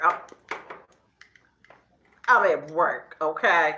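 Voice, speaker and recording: A woman's voice: on the low side, expressive, slow pace, pauses often, bright, forceful tone. A middle-aged woman, telling a story to her viewers in a chatty, casual way and tagging her sentences with okay. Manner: chatty, addresses viewers as girl and y'all, frequent okay tags. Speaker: vlogger talking to her viewers. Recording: echoey room, slightly dull sound.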